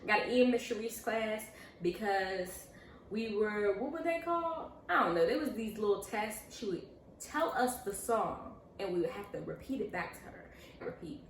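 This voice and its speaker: Sitting at home with a pillow, a chatty young vlogger answers viewers' questions through lively stories, voicing the people she quotes. Her voice is mid-range at a moderate pace, recorded in an echoey room from a distant mic with slight hiss.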